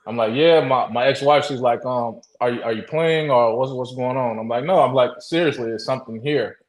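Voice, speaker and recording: A man in a mid-pitched voice tells his story in loose, casual talk. He stumbles and restarts often and acts out what people said. The room adds a clear echo behind him. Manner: halting, with many restarts and acted-out quotes. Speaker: interview guest.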